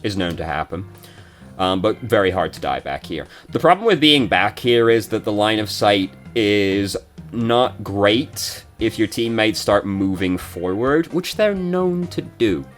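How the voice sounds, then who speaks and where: Young male game reviewer, deep-ish casual voice, sweary play-by-play, faint music bed. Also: animated. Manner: swears and rants when frustrated, quick asides. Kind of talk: casual gameplay commentary.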